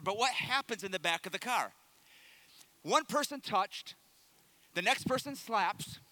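High, bright-voiced male preacher. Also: no room sound. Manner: animated, humorous storytelling with dramatic pauses. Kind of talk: sermon.

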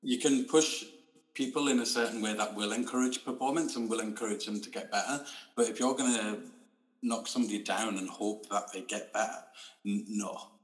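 A man with a fairly low voice speaks as a guest in a relaxed interview, reflective and measured as he thinks out loud. He is heard over a video call in a roomy, echoing space. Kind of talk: casual chat interview.

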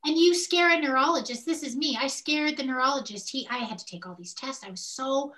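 An older woman with a somewhat high voice chats candidly on a podcast. She tells her stories with animation, slipping into the voices of the people in them as she goes. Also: brisk. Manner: animated storyteller who acts out quoted speech. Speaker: podcast co-host.

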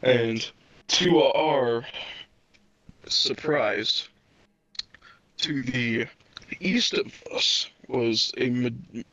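A man's voice: medium pitch, extremely slow, pauses often, sharp tone, no room sound. A man co-hosting a podcast, retelling a story in casual chat, laughing often and swearing. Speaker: podcast co-host. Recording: dull lo-fi sound.

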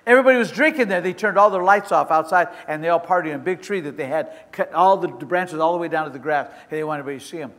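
A man pastor with a high, sharp, bright voice preaches to his congregation. He tells stories with halting restarts and rises to impassioned shouts. The sound rings with the long reverb of a church hall. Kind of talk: sermon. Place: church sanctuary with a responding congregation.

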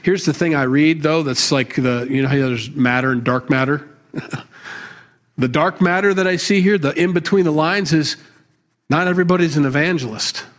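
A man's voice: a little high, normal speed. A middle-aged man, a pastor, teaching a conversational sermon in a plainspoken, candid way, with asides and self-deprecating humor. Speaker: pastor teaching a Bible study.

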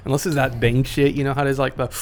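A man's voice: mid-range voice, level tone, racing, a little hiss or hum. A man co-hosting a casual live-streamed podcast, laid-back and jokey, sounding a little tipsy. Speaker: podcast co-host.

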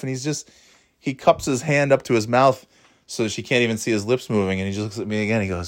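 A man's voice: medium pitch, steady tone, fast. A man in his thirties telling a story in a casual podcast chat, rambling with restarts, swearing and laughing at his own jokes. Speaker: podcast host.

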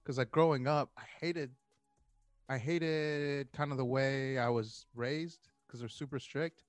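A man's voice: mid-range voice, a little slow, clean tone, no echo, soft background music. A man in his thirties casually telling a story in a podcast chat, acting out what people said and laughing often. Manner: animated storyteller, acts out quotes, laughs often.

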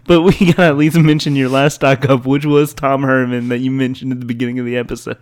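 A young man with an average-pitched voice hosts a relaxed sports podcast. He chats easily, laughs often, and fills pauses with ums and you-knows. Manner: laid-back, laughs a lot, many fillers. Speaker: podcast host. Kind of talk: casual chat.

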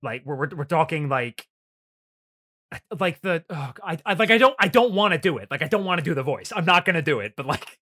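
Guy with a bright, fairly high voice, casual podcast chat, animated, swears a lot. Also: a little fast. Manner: animated, swears freely, laughs often. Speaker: podcast host.

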